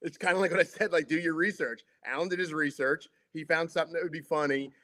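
A man's voice: a little high, fast talker, sharp tone. A middle-aged man, a former sports broadcaster, talking casually as an interview guest, full of fillers and restarts. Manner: chatty, many fillers and restarts.

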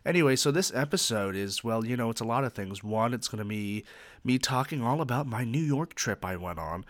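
A man's voice: medium pitch, lively intonation, brisk, no room sound. A man hosting his own podcast alone, talking casually and rambling with many ums and uhs, poking fun at himself. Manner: self-mocking, joking. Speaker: podcast host; teacher. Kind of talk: casual solo podcast chat.

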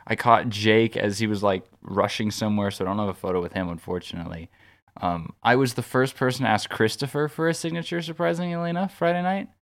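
Co-hosting a podcast, a man tells a long story in casual chat, rambling with frequent restarts and filler words. His voice is lowish and steady, and he speaks at a quick pace.

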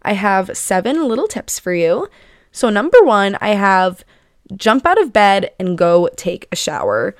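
A woman's voice: mid-range voice, big pitch swings, unhurried, no echo. A bubbly young woman in her twenties hosting her own podcast, chatting with lots of fillers and little giggles. She sounds slightly out of breath. The sound is dry and close to the mic. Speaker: podcast host. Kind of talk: casual chat.

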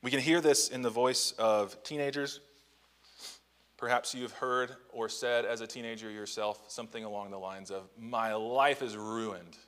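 A man's voice: medium pitch, fairly even intonation, normal speed, a bit bright, clear, resonant tone, big-room sound. A male pastor delivering a Sunday morning sermon. His tone is conversational rather than formal, peppered with rhetorical questions. He drops his pace on the key lines to let them land. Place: church sanctuary.

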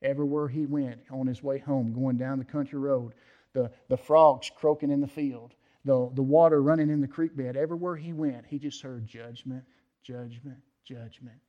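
A man's voice: mid-range voice, fairly even intonation, normal speed, highs cut off. A man preaching a sermon as pastor, telling stories with emphatic rises and drops and praying at the close. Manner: emphatic storytelling preacher, acts out quoted voices. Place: church.

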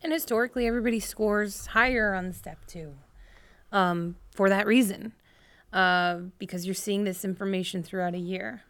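A woman's voice: mid-range voice, a bit bright, no echo. A young woman co-hosting a podcast, asking questions and agreeing emphatically. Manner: quick backchannels, emphatic agreement. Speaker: podcast co-host. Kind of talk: casual podcast chat.

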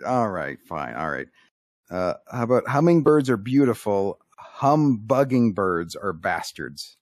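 A man co-hosting a podcast, telling one-liners deadpan and coaxing his co-hosts to laugh. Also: lowish voice, unhurried, no echo, clean studio sound. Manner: deadpan joke delivery, coaxing laughs with "come on". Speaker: podcast co-host telling jokes. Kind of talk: casual podcast banter.

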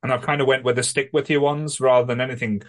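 A man's voice: medium pitch, little pitch movement, fast talker. A man with a Northern English accent hosting a podcast, joking, laughing often and steering the chat. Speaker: podcast host. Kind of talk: casual chat.

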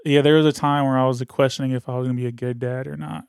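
A man's voice: medium pitch, little pitch movement, racing, creaky, a little mellow, clean tone, no room sound, studio quality. A young man co-hosting a podcast, talking in laid-back slang with frequent swearing and chuckles. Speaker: podcast co-host. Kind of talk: casual chat.

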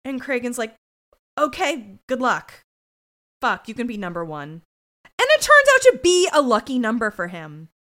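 A woman's voice: fairly high pitch, sing-song, normal speed, fairly bright tone. A woman co-hosting a podcast, recapping a TV episode in casual chat, blunt and swearing as she acts out characters' lines. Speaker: podcast co-host.

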